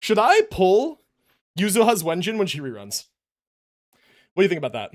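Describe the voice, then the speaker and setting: A man's voice: high-pitched, wildly swooping pitch, normal speed. A young man livestreaming from home, chatting casually and loosely with many restarts and fillers. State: out of breath after push-ups. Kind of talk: casual live-stream chat. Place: home room. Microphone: desk mic, moves away from it.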